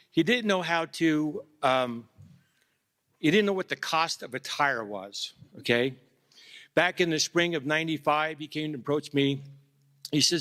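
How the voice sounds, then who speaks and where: A man's voice: a little high, a bit bright. A man speaking at a memorial, telling a plain anecdote about a friend. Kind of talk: anecdotal storytelling. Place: large indoor hall. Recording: long reverb of a large hall.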